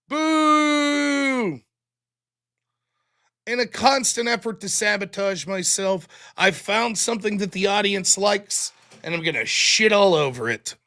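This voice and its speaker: Bright-voiced profane American streamer man. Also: sits high. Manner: profane, rambling, self-mocking. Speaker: live-stream host. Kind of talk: casual live-stream monologue.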